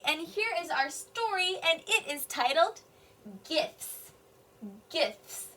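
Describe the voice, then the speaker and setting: A high, bright woman's voice with a lively, sing-song rise and fall, teaching young children to read. She sounds out words slowly and with exaggeration, staying patient and encouraging, and her voice comes from a little way off the mic. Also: far from the mic. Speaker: kindergarten teacher. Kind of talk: phonics and reading lesson for young children.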